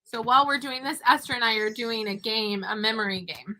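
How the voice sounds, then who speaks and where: Her voice sits on the high side, steady and a little fast, with a bright, forceful tone. The young woman homeschools her kids and teaches online, and here she chats casually to the camera while her young daughter eats nearby, talking with the girl between points.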